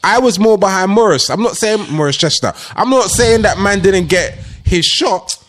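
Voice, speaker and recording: A man's voice: high-pitched, normal speed. A man co-hosting a casual film chat, slangy and emphatic, tacking "fam" onto his lines. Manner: animated, slangy, drops in 'fam' often. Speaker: podcast co-host.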